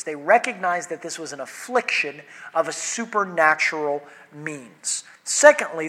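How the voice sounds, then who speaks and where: Male pastor, fairly high-pitched, sharp and forceful tone, earnest Bible teaching. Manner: earnest, emphatic teaching with pointed questions. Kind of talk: sermon with scripture reading and prayer.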